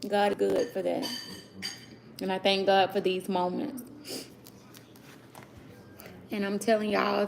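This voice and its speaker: A woman's voice: medium pitch, gravelly, noisy background. A woman in her thirties vlogging casually from her kitchen, talking to viewers as y'all about cooking for her kids. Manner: chatty, addresses viewers as y'all. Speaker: vlogger mom. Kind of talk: casual vlog chat. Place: home kitchen with kids nearby. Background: children talking.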